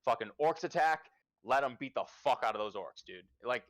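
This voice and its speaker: A man's voice: mid-range voice, expressive, normal speed, a bit bright. A man hosting a casual livestream chat, giving profane, emphatic advice as a game master. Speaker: podcast host and dungeon master.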